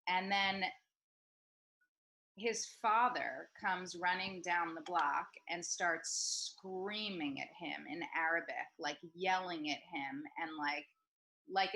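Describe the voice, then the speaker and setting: Bright-voiced woman hosting a talk. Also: lowish voice, low-quality recording. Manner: hesitant, many ums and restarts. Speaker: host of a group discussion. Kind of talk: casual storytelling. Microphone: video call.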